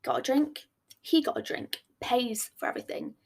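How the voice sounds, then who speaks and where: A young woman recounts a bad date on her podcast. She is blunt and animated, swears freely and acts out both sides of the conversation. Her voice sits a little high and carries a gravelly fry. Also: moderate pace. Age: young adult. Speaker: podcast host.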